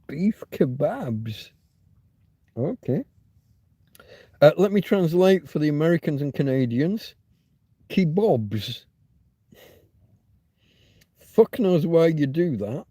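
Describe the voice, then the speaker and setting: A man's voice: on the high side, lively intonation, takes it slowly, long pauses, warm tone, no echo. A man hosting a rambling, casual livestream, musing aloud and swearing now and then. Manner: chatty, swears, muses aloud while reading. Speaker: livestream host. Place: home, Torrevieja.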